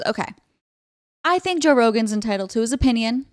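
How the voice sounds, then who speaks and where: A woman's voice: fairly high pitch, animated, fairly quick, dry recording, clean studio sound. A woman hosting casual political commentary, blunt and sarcastic, chatting about posts she reads out. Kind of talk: casual commentary reading tweets.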